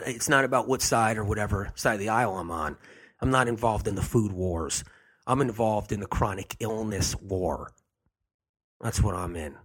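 Husky-voiced man repeating his points. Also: lowish voice. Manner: emphatic, repeats key phrases over and over. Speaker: health show host. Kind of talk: emphatic health talk.

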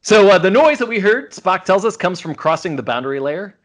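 A man's voice: sits high, fairly quick, few pauses. A man co-hosting a casual podcast, recapping a TV episode and acting out bits of the dialogue as he goes. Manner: animated storytelling, acts out quoted lines.

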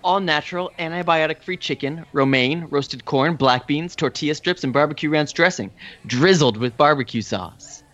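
A man's voice: on the high side, normal speed, fairly bright tone, muffled recording. A man reading a menu aloud in a casual group, adding dry, wry asides.

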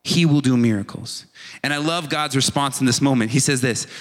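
A man preaching a casual, animated sermon, acting out short voiced asides as he tells the story. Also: mid-range voice, brisk, in a large hall.

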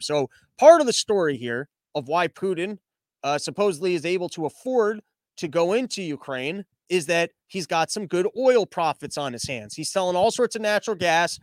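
A man's voice: sits high, expressive, fairly quick, no echo. A young man hosting a podcast, casually riffing on news headlines with sarcasm and profanity, and often mocking people in put-on voices. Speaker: podcast host.

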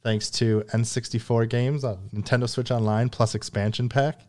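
A man hosting a gaming podcast in casual chat, rambling and restarting sentences, with a deadpan delivery. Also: mid-range voice, normal speed. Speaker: podcast host.

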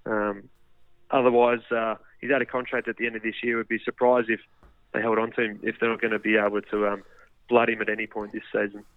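Fast-talking man on a phone line. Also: on the low side, flat delivery, no echo. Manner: hedging, many fillers and restarts. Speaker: guest football journalist. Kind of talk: casual radio chat.

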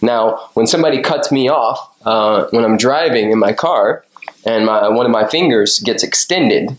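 Male guest, mid-pitch, playful and preachy, echoey room. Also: moderate pace, a little hiss or hum. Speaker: podcast guest, author and coach. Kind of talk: casual interview. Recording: roomy echo.

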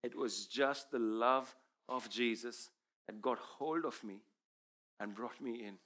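A man's voice: mid-range voice, takes it slowly, a bit bright. A man whose first language is Urdu, giving an earnest, emphatic sermon testimony as a preacher.

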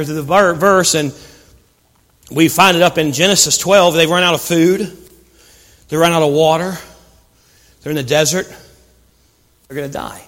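A man preaching a sermon, telling a story with passion and swinging from hushed lines to loud ones. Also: high-pitched. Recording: reverberant hall sound.

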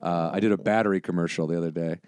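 A man's voice: deep voice, fairly even intonation, racing, a little mellow, clean tone, no echo. A man in his forties chatting casually, telling rambling, profane stories full of restarts. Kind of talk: casual chat.

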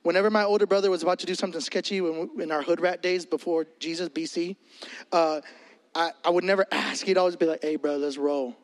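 A man preaching as a pastor, animated and joking in a conversational sermon. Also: high voice, fast talker. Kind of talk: energetic comedic sermon. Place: church hall. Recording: echoey hall.

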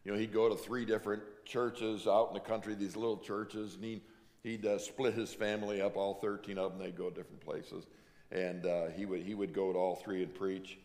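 A male pastor giving a sermon, emphatic, slowing down to drive home each point. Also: lowish voice, flat delivery, darkish tone, long reverb tail. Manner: emphatic preaching, slows down to stress points.

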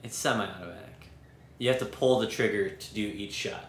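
Male podcast co-host, lowish voice, matter-of-fact, faint background hiss. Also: fairly quick, roomy sound. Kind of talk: casual podcast chat.

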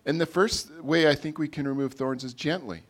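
A man, a pastor, preaching a sermon in a conversational way, his loudness rising and falling as he makes his points. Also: on the high side, fairly even intonation, brisk.

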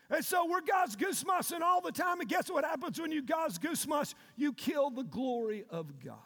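Pastor man yelling a sermon, high voice swinging all over, big echoey church. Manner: preaching with loud shouted call-and-response. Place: church sanctuary. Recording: long reverb of a large hall.

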